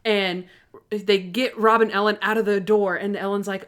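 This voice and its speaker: Woman, podcast co-host, casual chat, animated storyteller, quotes characters. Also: mid-range voice, moderate pace. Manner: animated storyteller, acting out quoted lines with laughs. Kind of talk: casual chat, retelling TV scenes.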